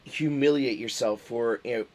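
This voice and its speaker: A man of middling pitch hosts a casual streamed interview. He talks hesitantly and stacks up fillers as he hunts for his words. He laughs along with his guest a lot. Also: moderate pace, darkish tone. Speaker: stream host.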